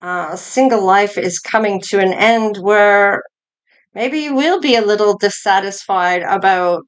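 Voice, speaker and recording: A woman's voice: medium pitch, clear, resonant tone. A woman giving a collective tarot reading, musing aloud as she turns over each card. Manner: slow, musing, thinking aloud between cards. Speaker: tarot reader.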